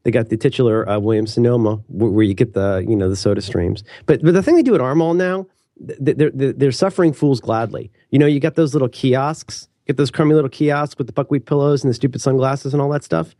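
Male podcast co-host, warm mellow tone, quick rambling banter, dead-dry studio sound. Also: mid-range voice, no echo. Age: adult with a daughter. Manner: rambling, animated, teasing. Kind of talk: casual chat.

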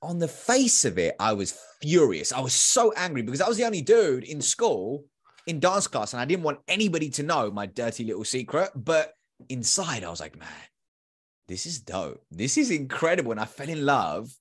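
A British man in his thirties, a guest on a podcast, telling his story in a lively, slangy way. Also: medium pitch, brisk. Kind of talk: casual storytelling in an interview.

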